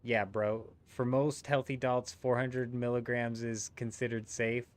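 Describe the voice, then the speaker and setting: A man's voice: mid-range voice, little pitch movement, unhurried. Chatty man streaming a game. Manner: chatty, answers viewer chat while playing. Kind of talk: casual live-stream chat.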